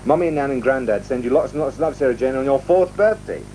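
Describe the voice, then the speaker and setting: Brief: male children's TV presenter reading birthdays, cheerful, mellow tone, old broadcast audio with light hiss. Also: mid-range voice, expressive, fast talker, poor audio. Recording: archive TV audio with faint noise.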